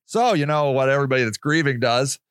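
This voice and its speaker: A man's voice: mid-range voice, expressive, quick pace, clean tone, no room sound. A man hosting a solo podcast, reading passages aloud and then ranting in a sarcastic, profane, heated way. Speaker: podcast host.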